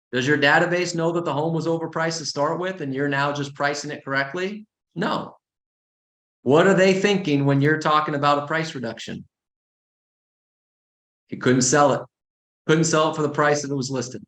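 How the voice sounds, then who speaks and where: A man with a somewhat high voice gives an informal coaching talk, blunt and animated, dropping sarcastic asides. The recording carries a roomy echo. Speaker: real estate coach.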